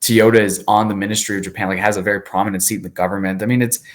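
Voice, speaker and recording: A man who is an attorney, speaking as an interview guest, candid and animated with frequent fillers. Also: on the low side, racing.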